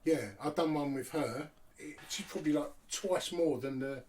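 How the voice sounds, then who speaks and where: A man's voice: fairly high pitch, moderate pace, darkish tone. A man hosting an interview podcast, asking plainspoken questions. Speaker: podcast host. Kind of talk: casual interview. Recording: distant from the mic.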